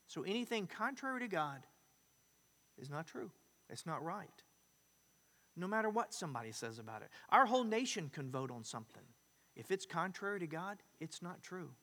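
A man preaching a sermon as a pastor, swinging between emphatic loud declarations and hushed, quiet asides. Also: high-pitched, long reverb tail.

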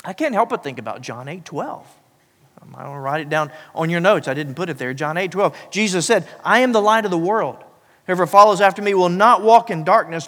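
A man preaching a sermon as pastor, swinging from loud emphatic passages to hushed, low, slow lines. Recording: long hall reverb.

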